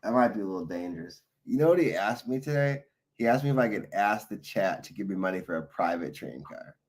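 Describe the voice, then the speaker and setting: An animated man with a lowish voice talks quickly. A tired livestreamer, he reads out chat and rambles through foul-mouthed stories in a loose, casual exchange with viewers.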